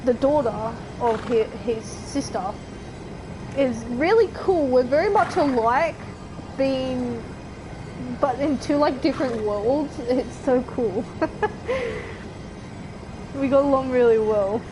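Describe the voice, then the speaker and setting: A woman with an Australian accent chats casually while streaming a game, rambling with fillers and giggles. Her voice is high and slow, broken by long pauses, over a noisy background.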